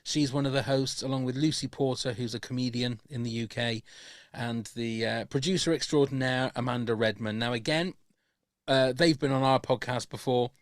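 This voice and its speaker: A man's voice: mid-range voice, fairly even intonation, moderate pace, no room sound, studio quality. Chatty British podcast host man. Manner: chatty, enthusiastic, many restarts. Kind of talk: casual podcast chat.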